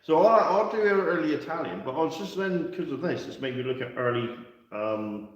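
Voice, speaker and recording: A man's voice: on the high side, animated, normal speed, dull audio. A chatty man talks through wargame rules in a loose, rambling way, cracking jokes as he goes. He sits back from the mic, and his voice rings around a very echoey room. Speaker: co-host of a wargaming chat. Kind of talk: casual chat. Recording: roomy echo, mic at a distance.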